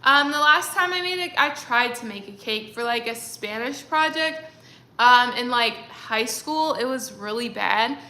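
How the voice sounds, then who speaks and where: A young woman with a high, bright voice rambles through a casual livestream chat, full of fillers and restarts. She sounds like she is in an echoey room. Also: expressive, measured pace. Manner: rambling, chatty, many fillers. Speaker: livestreaming creator.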